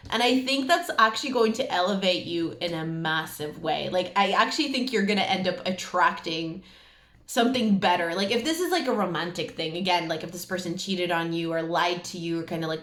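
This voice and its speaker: A woman's voice: lowish voice, fairly bright tone, reverberant. A woman giving a casual tarot reading to camera, chatty and emphatic, with many fillers. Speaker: tarot reader.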